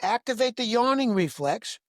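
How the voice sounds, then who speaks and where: A man guiding listeners through a breath-awareness meditation in a slow, soothing, instructive way, asking repeated gentle questions. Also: very high voice, lively intonation, no echo, clean studio sound. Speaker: breathwork teacher, podcast guest.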